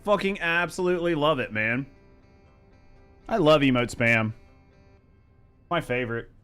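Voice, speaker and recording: Young male game streamer, smooth and clear, crude joking banter with chat. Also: fairly high pitch, lively intonation, unhurried, a bit bright, faint music behind. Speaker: streamer and gaming host. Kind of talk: casual live-stream chat.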